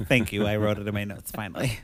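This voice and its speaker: A man's voice: lowish voice, steady tone, fairly quick, no echo. Chatty man recapping a movie, dry sound. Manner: chatty, loose storytelling with many fillers and bits of voiced dialogue. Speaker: podcast host. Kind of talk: casual podcast chat recapping a movie.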